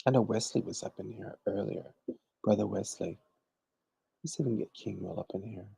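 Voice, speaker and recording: A man's voice: on the low side, a little fast, vocal fry, warm tone, husky. A man hosting a casual livestream, chatting and teaching, greeting viewers by name and calling everyone honey. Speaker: livestream host and conjure teacher.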